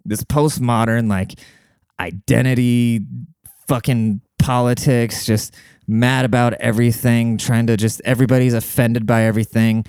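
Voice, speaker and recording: A man's voice: medium pitch, steady tone, normal speed, a little mellow, smooth, no room sound, studio quality. A young man hosting a casual solo podcast from home, talking in a crude, rambling and sarcastic way. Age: young adult. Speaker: podcast host. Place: home room with a cat.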